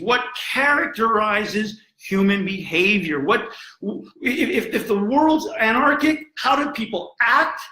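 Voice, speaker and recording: A man's voice: high-pitched, sharp tone, pitched above the performer's own voice, exaggerated voice. A man voicing an agitated male Renaissance thinker who fires off urgent, exasperated questions. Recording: roomy echo.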